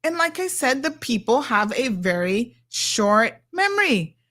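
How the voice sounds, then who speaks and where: A woman's voice: on the high side, sing-song, a little slow, fairly bright tone. A middle-aged woman hosting a talk show, blunt and sassy as she reacts to viewer comments.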